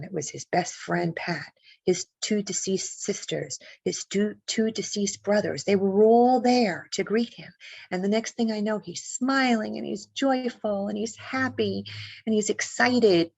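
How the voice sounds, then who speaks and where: A woman's voice: medium pitch, gravelly, dry recording, rough recording. A woman guest, an author and paranormal investigator, telling a personal story in an interview with vivid, emotional delivery and acted-out lines. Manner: vivid, emotional storytelling, acts out what people said.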